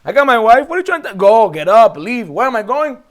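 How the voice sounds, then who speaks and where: A rabbi from Brooklyn with a Brooklyn accent, teaching a lively Torah class, joking and firing off rhetorical questions. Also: male voice, very high-pitched, fairly quick. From Brooklyn, United States.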